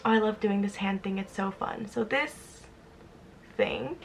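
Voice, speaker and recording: A woman's voice: medium pitch, unhurried, slight background noise. A woman in her twenties chatting casually while doing her makeup, rambling and self-deprecating. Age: 20s. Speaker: vlogger. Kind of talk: casual get-ready-with-me chat.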